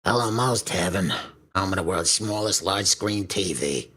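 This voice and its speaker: Man doing a gruff cartoon bartender: very deep, slow, raspy. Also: animated, pushed and bright, full character voice. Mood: grumpy. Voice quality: raspy, gravelly.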